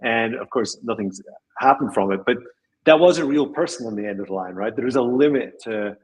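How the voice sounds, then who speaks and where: A man with a husky voice, a podcast guest in casual chat, speaking reflectively and trailing off with small chuckles. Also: medium pitch, a little fast, a little mellow, poor audio.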